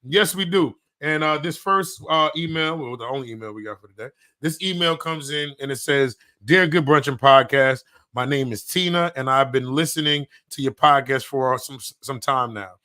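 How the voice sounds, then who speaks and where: A man, co-hosting a podcast in casual chat and telling animated stories. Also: mid-range voice, moderate pace, hardly any pauses, smooth. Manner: animated storytelling. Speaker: podcast co-host.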